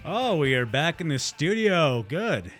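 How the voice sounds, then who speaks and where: A man co-hosting a podcast in relaxed, wry banter, laughing along. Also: fairly high pitch, a little slow, faint music behind. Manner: wry, laid-back, laughing. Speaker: podcast co-host. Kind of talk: casual banter.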